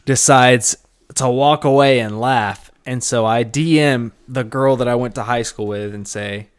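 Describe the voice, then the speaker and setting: A man's voice: mid-range voice, unhurried, smooth. A man in his twenties, a bit tipsy, telling a rambling, profane story with laughs on a casual podcast. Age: 20s. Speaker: podcast co-host.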